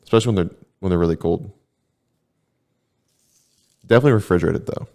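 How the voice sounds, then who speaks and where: Deep-voiced man in casual podcast chat. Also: fast, creaky, darkish tone. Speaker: podcast co-host.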